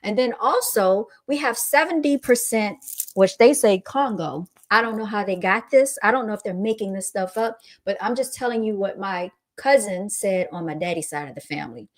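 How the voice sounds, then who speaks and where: A woman's voice: medium pitch, normal speed. A young woman hosting a casual livestream, reading viewer comments aloud and answering them with amused, laughing retorts. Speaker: livestream host reading chat.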